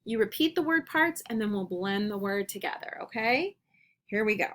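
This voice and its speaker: A woman teacher leading young children through a phonics lesson, speaking clearly and encouragingly and repeating each word, recorded on a computer at home. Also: mid-range voice, lively intonation, a bit bright. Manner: slow, clear, encouraging classroom delivery with repeated words.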